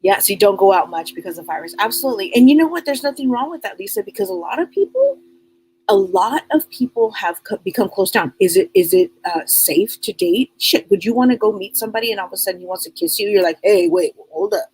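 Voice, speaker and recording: Here a middle-aged woman hosts a live psychic advice stream, blunt and casual, repeating herself and shooting off rhetorical questions. She sounds animated and fast, her medium-pitched voice a little mellow, over a rough recording with a little hiss or hum.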